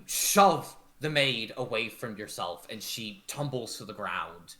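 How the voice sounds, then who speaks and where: A man narrating a tabletop game as game master, animated and full of fillers. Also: on the low side, takes it slowly.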